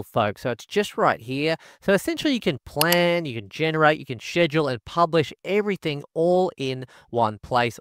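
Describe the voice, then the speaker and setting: A man's voice: mid-range voice, no room sound, studio quality. Upbeat man forever saying "guys". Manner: enthusiastic, says "guys" constantly. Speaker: tech reviewer. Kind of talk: screen-recorded product walkthrough.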